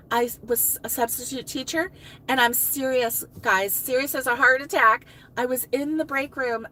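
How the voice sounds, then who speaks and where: Middle-aged woman, live-stream host, high bright voice, giggly casual chatter. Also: slight background noise, poor audio. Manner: chatty, laughs often, answers chat comments. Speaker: crochet livestream host.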